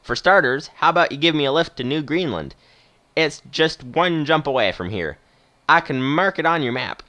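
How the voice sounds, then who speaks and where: A man's voice: on the high side, animated, normal speed, bright, forceful tone. Man doing a drawling old cowboy captain. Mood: folksy. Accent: Western movie drawl. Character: old retired male starship captain, cheerful.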